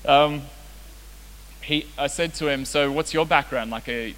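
A man's voice: a little high, measured pace, fairly bright tone. A young man preaching a casual, joking sermon as a youth pastor. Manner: casual, joking, self-deprecating. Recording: reverberant hall with faint hiss.

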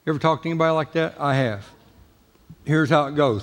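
A man's voice: a little high, animated, quick pace, big-room sound. A man preaching a sermon as pastor, talking in a folksy, emphatic way with jokes. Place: church sanctuary.

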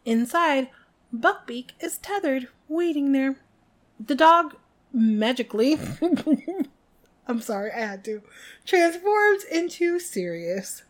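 A woman co-hosting a podcast, recapping a book in an animated, giggly casual chat. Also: sits high, slow, long pauses. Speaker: podcast co-host.

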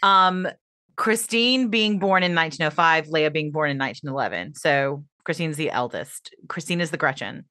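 Wry, lower-voiced woman podcast co-host. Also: expressive, moderate pace, pushed and bright. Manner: wry, joking, self-mocking. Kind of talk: casual chat.

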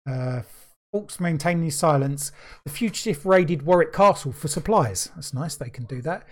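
A man's voice: a little high, animated, moderate pace. Joking man reading history notes. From London. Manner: swearing, jokey asides while reading. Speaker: podcast co-host. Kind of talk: casual podcast chat, reading history notes.

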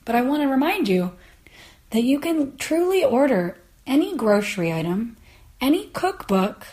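A woman's voice: a little high, darkish tone. A woman hosting a comedy podcast, ranting in a sarcastic, exasperated way. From United States. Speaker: podcast host. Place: Los Angeles.

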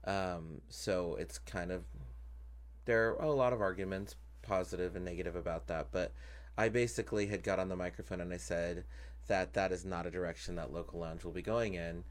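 A man's voice: low-pitched, steady tone, brisk. A man hosting a podcast in casual chat, talkative with frequent fillers and easy laughs. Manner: chatty, many fillers, laughs often. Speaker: podcast host and drag performer.

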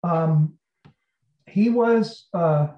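A man's voice: a little high, drawn-out words. A man tells an anecdote as an interview guest and slips into the voices of the people in it. He sounds far from the mic, in a roomy space, with a dull, muffled tone. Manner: animated, acts out quotes. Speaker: actor, guest. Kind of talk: storytelling in an interview.

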